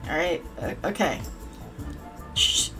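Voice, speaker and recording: A woman's voice: slow pace, bright, forceful tone, soft background music. A woman streaming a game, rambling to her viewers and cursing at her characters in crude, profane chat. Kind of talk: casual gameplay commentary.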